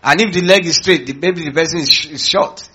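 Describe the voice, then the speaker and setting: A man's voice: fairly high pitch, fairly quick, sharp tone, slightly rough, muffled recording. A man preaching a sermon as pastor, calling out to his congregation with questions and rallying lines. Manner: preaching with call-outs to the congregation.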